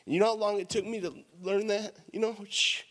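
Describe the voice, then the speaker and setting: A man's voice: sits high, fairly even intonation, a little fast, fairly bright tone. Emotional man sharing at a recovery meeting, near tears, blunt and swearing, long hall reverb. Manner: heavy "you know" and "man", blunt, swears. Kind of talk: emotional personal share.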